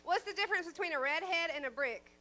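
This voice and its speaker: A woman's voice: very high voice, quick pace, bright, forceful tone. A woman emceeing at a comedy club, casual and self-deprecating as she introduces the next act. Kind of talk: introducing comics on stage.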